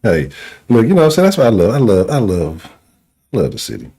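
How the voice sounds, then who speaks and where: A man with a Houston accent hosting a call-in sports talk show, laid-back and slangy, often trailing off quietly. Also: lowish voice, wildly swooping pitch, fairly quick, breathy edge. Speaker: sports talk radio host. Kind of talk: casual call-in show chat.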